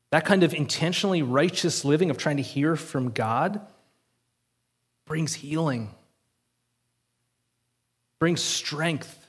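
A man's voice: on the high side, slightly rough. A male pastor giving an earnest, conversational sermon and often checking in with the congregation.

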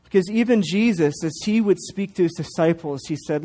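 A man pastor in his thirties gives a sermon with the animated, playful touch of a storyteller. His voice sits a little higher than most men's, and he keeps leaning on quick asides to the congregation.

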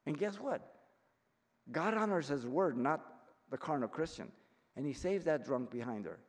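A man in his sixties teaching a verse-by-verse Bible study as pastor, emphatic, swinging from quiet explanation to loud rebuke. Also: fairly high pitch, expressive, moderate pace. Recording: long reverb of a hall.

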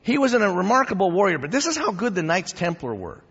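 A man preaching a sermon and teaching church history in an animated, humorous, conversational way. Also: high-pitched, quick pace, gravelly, slightly rough. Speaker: pastor. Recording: dull echoing hall sound.

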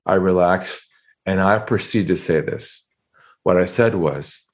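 A man with a fairly low voice talks as a guest on a podcast. He tells a sales story and acts out the phone calls in shifting voices. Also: unhurried. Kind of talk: storytelling interview talk.

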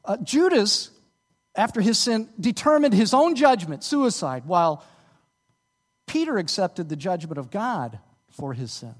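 A man preaching a sermon as pastor, animated and rising to emphatic peaks. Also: high voice, measured pace, big-room sound.

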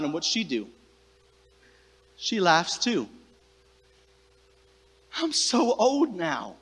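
High-voiced pastor preaching in reverberant hall. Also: male voice, a bit bright, husky. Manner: conversational preaching, addresses the congregation directly. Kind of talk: sermon. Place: church sanctuary with a congregation.

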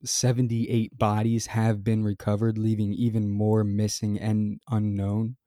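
A man hosting a solo podcast, reading news details and then giving his earnest, measured opinion. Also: on the low side, completely flat delivery, mellow, no room sound, studio quality. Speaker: podcast host. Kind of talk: scripted solo commentary.

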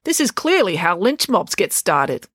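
A woman's voice: lowish voice, sing-song, unhurried, a bit bright, husky, no room sound, clean studio sound, exaggerated voice. A woman voicing an earnest, nerdy young boy who talks in a precise, formal way in an audiobook. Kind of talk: audiobook character voice.

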